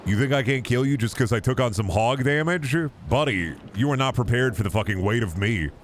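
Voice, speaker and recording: A young man casually commenting on his gameplay, joking and breaking into sudden high yelps and shouts. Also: animated, fairly quick, slight background noise. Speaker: gaming streamer.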